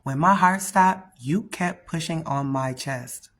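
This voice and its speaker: A woman voicing an eerily calm little toddler boy in a spooky story, speaking slow, quiet and serious. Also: sits low. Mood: eerie calm.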